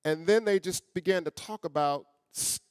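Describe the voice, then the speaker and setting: A middle-aged man, a guest speaker and author, telling a personal story in an earnest, conversational way and often dropping to a soft, quiet voice. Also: sits high, moderate pace, clear, resonant tone, dry recording, studio quality. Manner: earnest, conversational, addresses audience as y'all; often drops soft and quiet for emotional moments.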